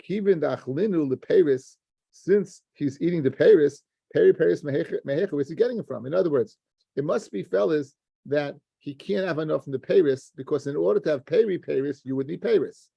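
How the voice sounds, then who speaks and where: A man's voice: on the high side, a little fast, gravelly, husky, dry recording, dull audio. A man teaching a daily Talmud class, explaining step by step and often restarting words as he addresses his listeners as guys.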